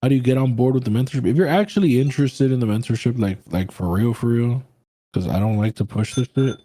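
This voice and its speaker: A man's voice: mid-range voice, quick pace, mellow, no echo. A man hosting a trading livestream, chatting casually and answering viewer questions in a laid-back, slangy, profane way.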